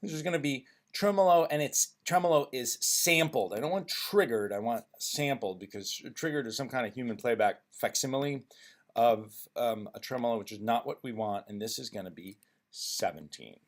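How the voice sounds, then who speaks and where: A man presenting a music software tutorial, thinking aloud with frequent ums and restarts as he works. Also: medium pitch, moderate pace. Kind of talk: screen-recorded software tutorial.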